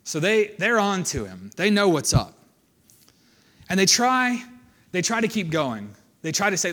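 Animated man preaching a conversational sermon. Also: on the high side, unhurried. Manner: conversational, animated, reads scripture then comments.

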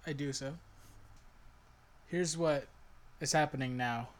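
A man's voice: mid-range voice, takes it slowly, natural voice. A man playing a male warrior leader in a tabletop game, speaking earnestly and plainly in his own voice. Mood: persuading. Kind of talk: in-character tabletop role-play.

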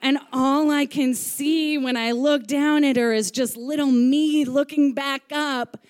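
A woman's voice: sits high, steady tone, unhurried, a little mellow. A woman telling a comic personal story, chatty, swearing freely and acting out the voices she quotes.

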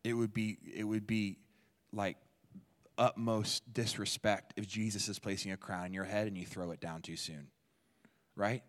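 A male pastor giving a sermon in a church, his voice sitting low. He talks in a loose, energetic way and slips into other people's voices to act out what they say. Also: normal speed. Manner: conversational and energetic, jumps into playful high-pitched voices for quoted people.

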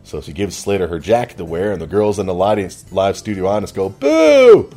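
Low-voiced man chuckling through a recap. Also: steady tone, a little fast, mellow, faint music behind. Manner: chuckling, offhand asides. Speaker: episode recap narrator. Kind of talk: casual recap narration.

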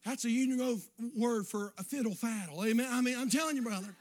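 A man preaching a sermon in a folksy way, dropping to quiet asides and rising to shouts. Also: very high-pitched, brisk. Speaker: pastor.

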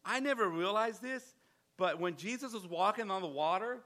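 A man's voice: high voice, expressive, moderate pace, bright, forceful tone. A man preaching a sermon, emphatic, full of rhetorical questions and stammering restarts.

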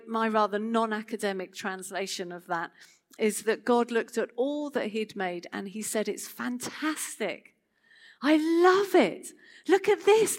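A woman giving a sermon to a gathered audience, talking in an expressive, conversational way. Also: medium pitch. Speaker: speaker.

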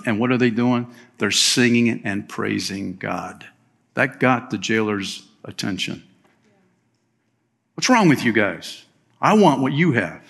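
A man preaching a sermon as pastor, telling a story in a relaxed, conversational way with chatty asides. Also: medium pitch, vocal fry. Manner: slips into playful voices for quoted people.

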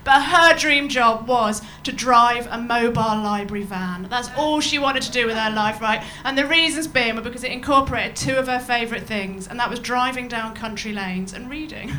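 A woman's voice: on the high side, moderate pace, few pauses, sharp tone, slight background noise. A woman doing a stand-up set to a live audience, chatty and bawdy, laughing at her own jokes. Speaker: stand-up comedian. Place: comedy venue with a live audience.

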